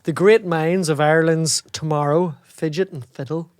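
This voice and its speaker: A man's voice: fairly high pitch, steady tone, moderate pace, darkish tone, smooth. A Northern Irish man hosting a podcast reads stage directions aloud. He is chatty and keeps breaking off into asides. The sound is close and dry, with little room echo. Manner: chatty, self-interrupting, laughing. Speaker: podcast host and writer. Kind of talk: reading stage directions, casual chat.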